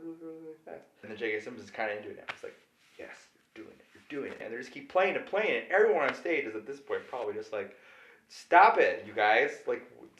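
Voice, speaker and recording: A drunk man rambling through a comedic recap of a film, swinging between loud and quiet. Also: medium pitch. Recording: echoey room.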